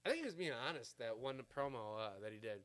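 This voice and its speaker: A man's voice: mid-range voice, big pitch swings, quick pace, fairly bright tone. A man in his thirties ranting casually to camera. He rambles, curses freely and fills his talk with "uh" and "like". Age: 30s. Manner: profane, rambling, full of fillers. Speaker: vlogger.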